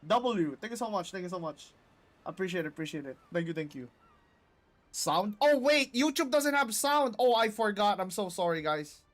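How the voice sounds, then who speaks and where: A streamer reacting loosely and excitably during a live card game stream, swearing freely. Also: mid-range voice, normal speed. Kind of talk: casual live-stream commentary.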